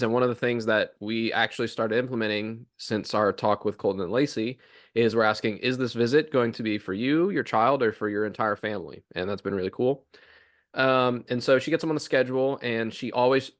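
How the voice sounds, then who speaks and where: A young man co-hosting a podcast, talking casually about his chiropractic office routine, full of "um" and "like" and acting out office dialogue. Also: fairly low pitch. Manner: rambling, filler-heavy, acts out office dialogue.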